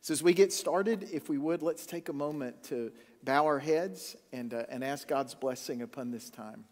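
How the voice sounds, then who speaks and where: A pastor giving an earnest, gentle welcome and prayer in a church sanctuary, with halting restarts. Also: male voice, fairly high pitch. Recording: long church reverb.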